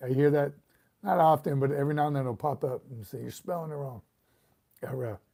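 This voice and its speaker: A man's voice: medium pitch, dark tone. A middle-aged man, a retired sergeant major, casually chatting on a livestream and reading viewer comments, chuckling and repeating words as he goes.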